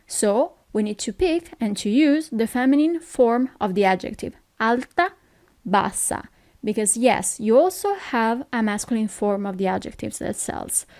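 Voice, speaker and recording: An Italian-accented woman giving a recorded language lesson, her voice sitting fairly high. She talks slowly and patiently, pausing to check that the listener follows, and the sound is dry and close with no room around it. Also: lively intonation, darkish tone, no echo. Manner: patient explaining, often checks with "okay?". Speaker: language teacher.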